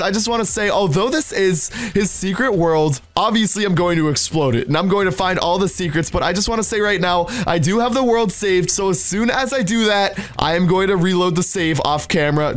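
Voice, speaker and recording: A high-voiced man commentating his Minecraft gameplay, hyped and exclamatory as he talks straight to his audience. Faint music plays under his voice. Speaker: Minecraft gaming YouTuber.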